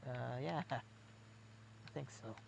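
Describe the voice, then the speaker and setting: A man's voice: medium pitch, slow pace, creaky, slight background noise. A man streaming a game, chatting casually in a rambling, musing, self-mocking way. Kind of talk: casual gameplay chat.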